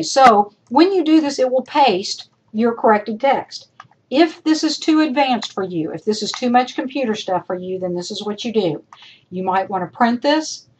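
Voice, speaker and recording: A woman college instructor giving recorded feedback to her students. She talks directly and chattily, repeating her points for emphasis, and her voice is going hoarse. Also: mid-range voice, darkish tone, slight background noise, poor audio. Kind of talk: recorded lecture feedback over screen demo.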